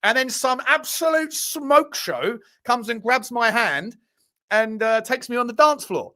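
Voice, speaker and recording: A man with an English accent and a rather high voice hosts a live show. He chats loosely with viewers, swears without a second thought and laughs at himself. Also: animated, measured pace, pushed and bright. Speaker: host of a live fan show. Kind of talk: casual live-stream chat reacting to viewer messages.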